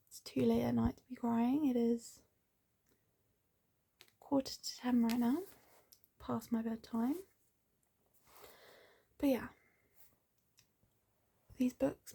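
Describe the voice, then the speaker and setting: Husky, creaky-voiced woman book vlogger. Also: on the high side, little pitch movement, slow pace, pauses often, dark tone. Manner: chatty and rambling, with frequent "like". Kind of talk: casual vlog chat.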